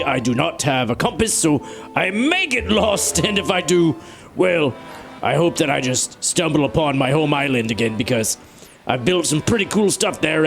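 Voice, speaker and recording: Young male gamer, lively and gravelly, game music under him; goofy self-mocking narration. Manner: animated, playful pitch swings. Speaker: gaming YouTuber. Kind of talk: let's play commentary.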